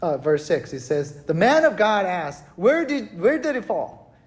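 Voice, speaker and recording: A male pastor preaching a sermon in a church, telling a story with animated, acted-out panic. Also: high voice, measured pace. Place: church hall.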